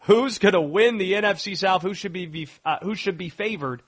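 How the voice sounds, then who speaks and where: A man hosting a sports talk radio show, punchy and lively. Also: high-pitched, brisk, slightly rough.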